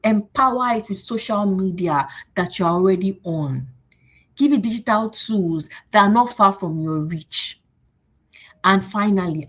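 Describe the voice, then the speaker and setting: Rallying woman with a husky voice. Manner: animated, repetitive and rallying, acting out exchanges in higher voices. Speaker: host. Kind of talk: motivational livestream talk.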